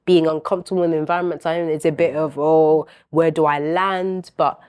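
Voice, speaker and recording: A teenage girl hosts a casual talk show with a mixed London and Northern Irish accent. She speaks animatedly in a slightly low voice. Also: fairly even intonation, brisk, darkish tone, smooth. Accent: mix of London and Northern Irish. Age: teens. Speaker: talk show host, leads the questions. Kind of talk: casual chat.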